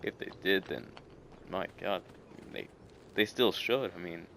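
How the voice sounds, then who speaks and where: A man's voice: deep voice, unhurried, vocal fry, fairly bright tone, slight background noise. A young man giving rambling, enthusiastic let's-play commentary while gaming. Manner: rambling, filler-heavy, enthusiastic. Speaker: gaming video creator.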